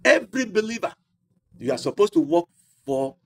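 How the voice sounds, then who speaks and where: A man preaching a sermon, asking the congregation rhetorical questions and drawing out key words slowly. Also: high-pitched, sing-song. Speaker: pastor.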